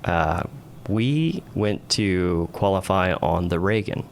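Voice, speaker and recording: A man's voice: low-pitched, animated, slow pace, slight background noise. A man, a naval aviator and podcast guest, telling a rambling story in casual conversation, often ending phrases with "right?".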